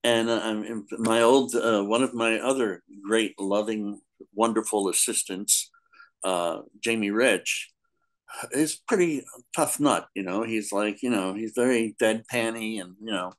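A man's voice: lowish voice, unhurried. Older man rambling through anecdotes. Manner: rambling storyteller, laughs often, acts out quotes. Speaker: podcast guest, comics editor. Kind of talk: casual chat, anecdotes.

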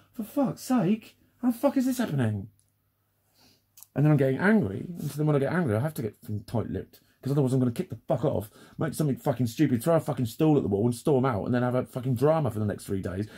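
Guy, mellow husky voice, sweary exasperated vlog rant with frequent laughs. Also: mid-range voice. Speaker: vlogger. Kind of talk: unscripted ranting monologue.

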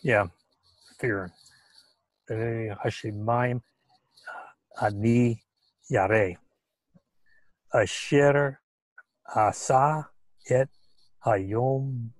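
A man, a student in an online class, reading a text aloud slowly and haltingly over a video call. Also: mid-range voice, dry recording. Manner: slow, hesitant reading with pauses.

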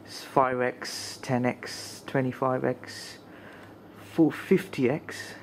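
A man vlogging casually outdoors at night while cold and shivering, talking to viewers with fillers and now and then dropping to quiet murmured asides, recorded on a camcorder's built-in mic. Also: mid-range voice, fairly even intonation, slow pace, slight background noise. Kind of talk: casual vlog narration.

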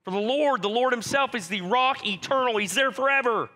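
High, bright-voiced man preaching a sermon. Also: brisk. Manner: direct, conversational preaching addressing the church. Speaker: pastor.

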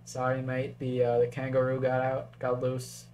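A man doing a rough put-on Australian bloke's voice while commentating, exaggerating the twang. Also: mid-range voice, monotone, moderate pace, darkish tone, a little hiss or hum, natural voice. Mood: apologetic. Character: Australian bloke apologizing, male adult.

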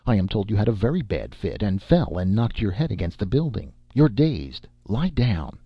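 A man voicing a brisk young doctor who gives orders firmly. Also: on the low side, sing-song, husky, no echo, dull audio, full character voice. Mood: commanding. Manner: brisk and commanding.

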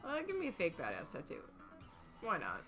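A woman's voice: fairly low pitch, huge pitch swings, brisk, pushed and bright. A young woman chatting playfully while playing a game with friends, music behind. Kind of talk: casual chat while gaming.

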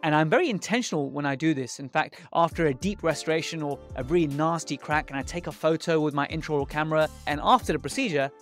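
A man's voice: on the high side, fast talker, few pauses, fairly bright tone, faint music behind. A man hosting a dental podcast, giving an earnest, explanatory intro and then greeting his guest. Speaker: podcast host and dentist. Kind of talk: scripted podcast intro and interview.

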